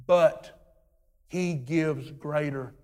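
A male pastor delivering a sermon, swinging from rhythmic shouted lines down to low, hushed phrases. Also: drawn-out words, in a large hall.

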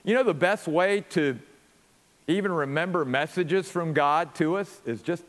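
Pastor guy preaching, pretty high voice, earnest, repeats himself building up, big hall echo. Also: a little slow, a bit bright. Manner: earnest, emphatic, repeats words as he builds a point. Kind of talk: sermon.

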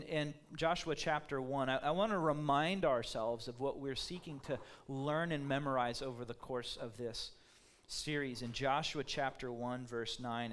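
A man preaching a sermon in a lively, conversational way. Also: mid-range voice. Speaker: pastor.

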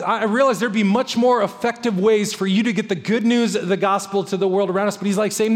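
A man's voice: sits high, fairly even intonation, a little fast, hardly any pauses, in a large hall. A man preaching a sermon to his church as pastor, emphatic and repeating key phrases for weight.

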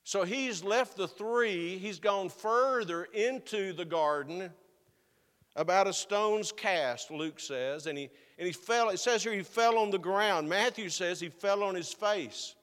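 Male pastor, fairly high voice, earnest sermon, slows for emphasis, church hall reverb. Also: a bit bright. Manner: earnest, building to slow emphatic stresses.

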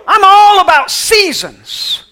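A man's voice: very high voice, animated, takes it slowly, some chatter behind, a little hiss or hum, pitched above the performer's own voice, heavily acted. A male preacher voicing God as an insistent divine voice that corrects a prophet. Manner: insistent, rising to a shout.

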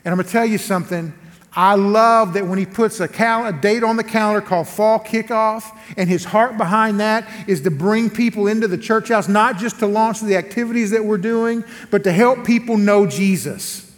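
A man preaching as a guest speaker, telling a story animatedly and acting out the quotes. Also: normal speed. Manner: animated, acts out quotes with big swings in pitch. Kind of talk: storytelling sermon. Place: large church hall. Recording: long church hall reverb.

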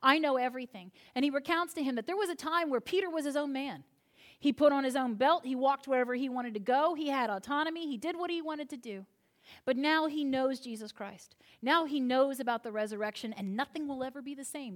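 A woman's voice: high voice, fairly quick. A woman preacher delivering a sermon in a conversational way, retelling a scripture story with asides to the listeners.

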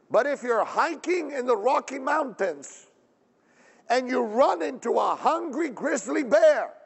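Male pastor, high lively voice, emphatic sermon delivery with questions to the congregation, long hall reverb. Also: creaky. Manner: animated, emphatic, asks the audience questions.

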